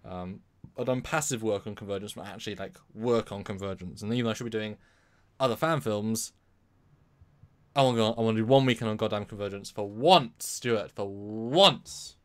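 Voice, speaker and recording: A man's voice: lowish voice, a little fast. Chatty man rambling on a live stream. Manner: rambling, with many restarts and repeated words. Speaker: livestream co-host. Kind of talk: casual live-stream chat.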